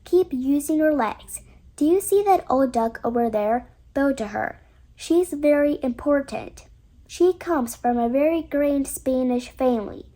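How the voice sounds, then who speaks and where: A fussy, protective mother duck who fusses and scolds her brood in quick, brisk bursts, as a woman reads her part aloud. The voice sits high and light. It comes across as a storybook mother bird with plenty to say. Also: lively intonation, mellow. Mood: urging.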